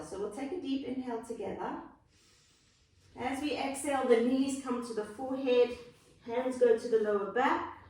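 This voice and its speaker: Calm South African woman in echoey room. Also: fairly high pitch, recorded from a distance. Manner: calm, encouraging cues with soft asides. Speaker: yoga instructor. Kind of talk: guided yoga class instruction.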